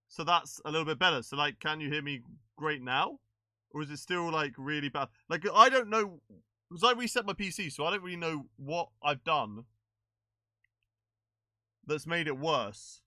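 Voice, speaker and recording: Male streamer, bright edge, dry close mic, casual live-stream chatter. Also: fairly high pitch, normal speed, no echo. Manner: chatty, fiddling with settings, checking with chat. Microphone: desk microphone.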